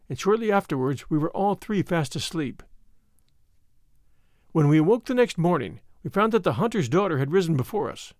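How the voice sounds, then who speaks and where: Man reading an old tale out loud, high voice, lots of pitch swing, dry close mic. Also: no room sound. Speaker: narrator. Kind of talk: audiobook narration.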